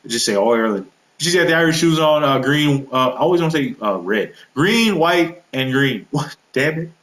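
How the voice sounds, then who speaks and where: A man's voice: fairly high pitch, animated, normal speed, a bit bright. Rambling gaming vlogger man, echoey room. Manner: rambling, loose, with many fillers and self-corrections. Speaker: gaming video creator. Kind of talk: casual roster walkthrough.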